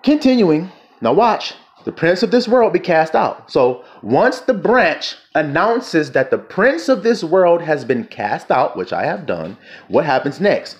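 A man preaching a fervent sermon, reading scripture slowly and firing questions at his listeners. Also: a little high, very animated, darkish tone. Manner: fervent, questioning the audience, drawn-out quotes.

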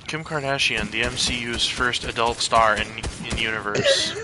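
A male streamer trades dry, teasing remarks with a friend and slips into flat deadpan impressions. His voice sits at an ordinary middle pitch. Music plays clearly behind him. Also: normal speed, low-quality recording. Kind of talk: casual chat with impressions.

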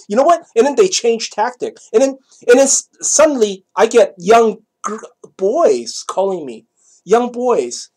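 A man's voice: high-pitched, sing-song, normal speed, slightly rough. A man telling a personal story in a casual monologue, rambling and repeating himself, with many "you know" asides. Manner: swings between loud bursts and quiet asides.

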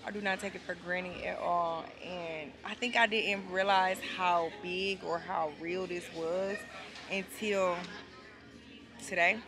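A woman vlogging on a beach, talking casually to her viewers, loud and excitable, then tearful and grateful. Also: lowish voice, takes it slowly, crowd noise. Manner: loud, excited, emotional, Southern US slang. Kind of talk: casual vlog talk to camera. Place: outdoors on a beach.

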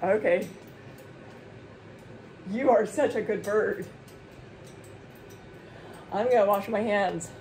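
A woman's voice: medium pitch, takes it slowly, pauses often, a little mellow, a little hiss or hum. A woman vlogging outdoors in a park, chatting to her pet cockatoo in cooing, sing-song baby talk, recorded on a handheld phone. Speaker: vlogger and bird owner. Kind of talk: casual chat to her pet.

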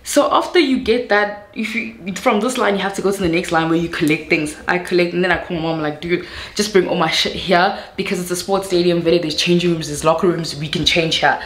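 A woman of 21 with a South African accent, Zulu her first language, telling an animated vlog story that switches into Zulu phrases. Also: fairly low pitch, fairly quick, roomy sound. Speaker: YouTuber.

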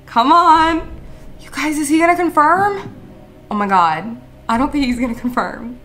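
A woman hosting a gaming channel, commenting excitedly over gameplay with frequent gasps and exclamations to her viewers. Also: high voice, measured pace, soft background music.

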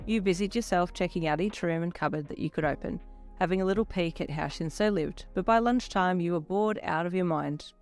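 A woman narrating second-person fanfiction in a lively storytelling manner. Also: on the low side, brisk. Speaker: fanfiction reader. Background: soft electronic backing music.

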